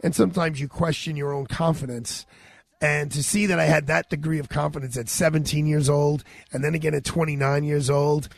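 A man, a radio host telling a personal story with a sore throat, animated and retelling dialogue. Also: a little high, fairly quick, gravelly, no echo. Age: 50s.

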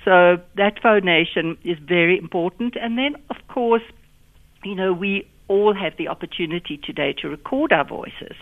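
A woman's voice: lowish voice, moderate pace. A woman with a South African accent, a communication skills guest, explaining voice exercises in an instructive way over the phone. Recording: narrow telephone line.

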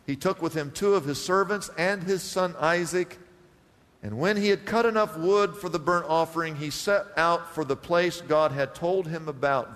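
A man's voice: a little high, fairly bright tone, in a large hall. A male pastor preaching a sermon, acting out Bible scenes and reading scripture aloud.

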